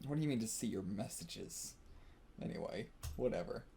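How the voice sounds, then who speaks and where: A man's voice: on the low side, lively intonation, normal speed, gravelly, dark tone, slight background noise. A man hosting a live manga reaction, reading along and thinking aloud casually, laughing often and swearing now and then. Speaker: manga reaction channel host.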